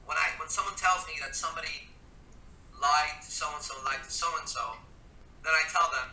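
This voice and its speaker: A man's voice: fairly high pitch, moderate pace, pushed and bright. A man talking in a casual interview as a mentor, blunt and emphatic, with frequent swearing. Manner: blunt, emphatic, profane coaching. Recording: echoey room, voice from a distance.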